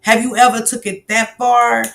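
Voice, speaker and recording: A woman hosting a livestream interview, casually reading out viewer comments and giving shout-outs. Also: a little high, little pitch movement, normal speed, vocal fry. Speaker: livestream host.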